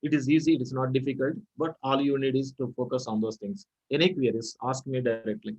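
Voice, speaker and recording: A man's voice: mid-range voice, steady tone, fairly quick, a little mellow, muffled recording. Emphatic Indian English lecturer, man. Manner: repetitive, emphatic drilling of words. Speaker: guest lecturer on pronunciation. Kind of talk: online lecture. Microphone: video call.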